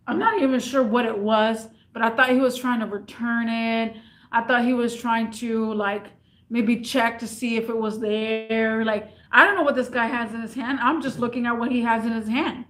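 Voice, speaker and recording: A woman who works in retail telling a story in a casual vlog, rambling and repeating herself as she acts it out. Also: on the high side. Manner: rambling and repetitive, animated retelling. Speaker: retail worker.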